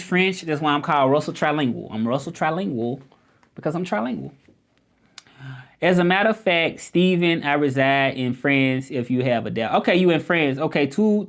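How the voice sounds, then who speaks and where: Animated young man with a Memphis drawl. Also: on the high side. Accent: Southern US (Memphis). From Memphis, Tennessee, US. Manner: animated, indignant at doubters, drawling. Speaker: livestream host. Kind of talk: casual livestream chat reading comments.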